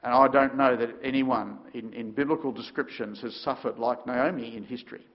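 A man preaching a sermon, telling the story dramatically with sudden shifts between loud and quiet. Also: medium pitch, fairly even intonation, a little fast, muffled recording.

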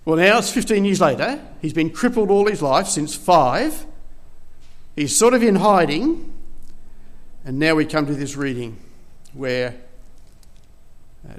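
A man delivering a sermon with a fairly high voice. He tells the story in a relaxed, conversational way, stumbling and restarting as he goes. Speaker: preacher.

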